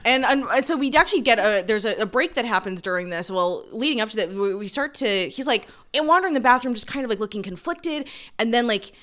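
Animated, bright-voiced woman podcast host. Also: on the high side. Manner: animated, acts out characters in quick voices. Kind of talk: casual movie review chat.

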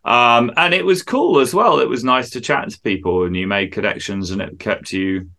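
A man who is a musician guest in a casual interview, talking in animated stories and swearing freely. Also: mid-range voice, normal speed, creaky.

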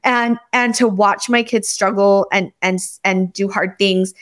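A woman hosting a casual conversation, telling stories about her kids in a chatty, lively way. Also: medium pitch, a little slow. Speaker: host.

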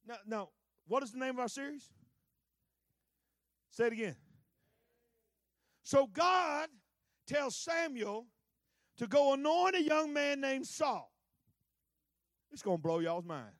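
A male pastor preaching a fervent sermon in a folksy way, swinging between shouted peaks and hushed asides. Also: very high-pitched, lively intonation, slow, pauses often, no echo, clean studio sound. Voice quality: colloquial, folksy.

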